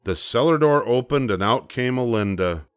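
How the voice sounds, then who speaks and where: An older man reading a children's storybook aloud, slow and gentle. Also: mid-range voice, animated, clean tone, no room sound, studio quality. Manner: slow, gentle, measured narration. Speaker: storybook reader. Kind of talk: bedtime story read-aloud.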